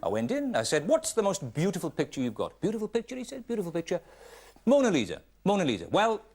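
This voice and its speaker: A man, hosting a comedy show and delivering a deadpan stand-up monologue. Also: high voice, fast talker, slightly rough. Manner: deadpan comic storytelling. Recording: studio audience laughter.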